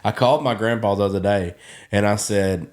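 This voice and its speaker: A man with a Southern US accent, hosting a podcast and telling animated stories in casual chat. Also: lowish voice, fairly quick. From Gulf Coast of Alabama. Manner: animated storyteller, laughs often. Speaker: podcast host.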